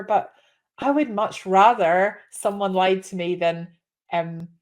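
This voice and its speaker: A Scottish woman in her thirties giving casual side-hustle advice, chatty and animated, acting out the people in her stories. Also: medium pitch. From Scotland. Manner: chatty, animated storyteller, acts out quoted voices. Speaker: small business vlogger.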